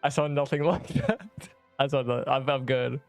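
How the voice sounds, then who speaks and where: A hoarse young man casually chatting and joking while live-streaming a game. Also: medium pitch, no room sound, soft background music. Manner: joking, chatty, quick to laugh.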